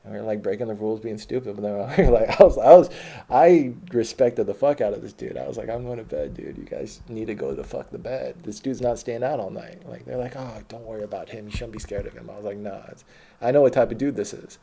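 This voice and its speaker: Male storyteller, low and dark-toned, casual and profane, meanders and corrects himself mid-sentence. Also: expressive, fast, vocal fry, slight background noise. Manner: rambling, profane, self-correcting.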